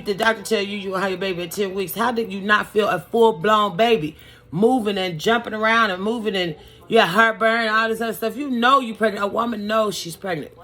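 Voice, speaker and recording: A woman's voice: medium pitch, a bit bright. Chatty, sassy woman doing a makeup storytime. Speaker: beauty vlogger.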